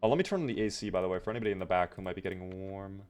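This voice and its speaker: A man's voice: sits low, rapid-fire, a little mellow, slight background noise. A man streaming a game live, chatting casually with viewers in a joking way and swearing freely. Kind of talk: casual live gameplay chat.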